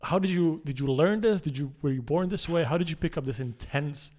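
A man's voice: a little high, brisk, darkish tone. A man hosting an interview podcast, asking his guest questions in a friendly, curious way. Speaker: podcast host. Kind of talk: casual interview chat.

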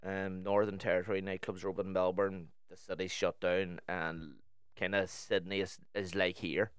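Smooth-voiced man, laid-back chat. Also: sits low, little pitch movement, normal speed, dry recording, clean studio sound. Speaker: podcast co-host. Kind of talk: casual chat.

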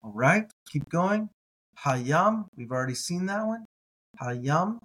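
A man's voice: high voice, very animated, normal speed. A man teaching a reading lesson, sounding words out syllable by syllable, hesitating with fillers and correcting himself as he goes. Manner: hesitant, with frequent ums and uhs. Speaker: Hebrew teacher.

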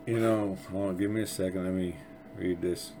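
A man's voice: sits low, fairly even intonation, moderate pace, vocal fry, dark tone, slight background noise. Sarcastic, rambling sounding man. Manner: rambling, sarcastic, restarts often. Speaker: podcast host. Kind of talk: casual political commentary.

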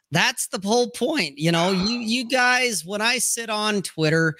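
A man co-hosting a casual talk show, swearing freely and telling animated stories in a blunt way. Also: high-pitched, no room sound, clean studio sound. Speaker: podcast co-host. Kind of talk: casual profane chat.

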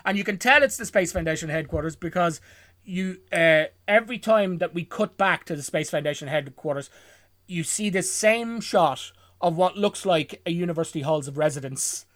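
A man's voice: high voice, normal speed, fairly bright tone, no room sound. A man recapping a film plot for his podcast co-hosts in a rambling, self-correcting way, chuckling often. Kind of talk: casual chat.

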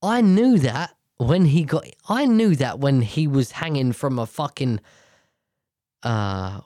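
A man rants about politics in a slow, blunt, sweary way, rambling from point to point. His pitch jumps around a lot as he talks. The sound is dry and close, with no room echo. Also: lively intonation, mellow. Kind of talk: profane political rant.

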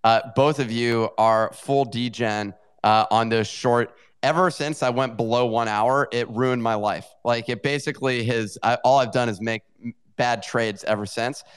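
A man co-hosting a casual show, talking in a halting way with many pauses and fillers. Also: medium pitch, steady tone, smooth. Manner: hesitant, lots of uh and um. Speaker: co-host. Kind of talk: casual chat.

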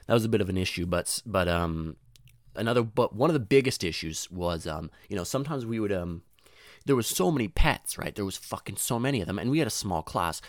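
A man's voice: no echo, studio quality. Rambling, swearing young man telling a story. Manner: swears a lot, lots of "dude" and "you know", restarts, bursts into high voices for quotes.

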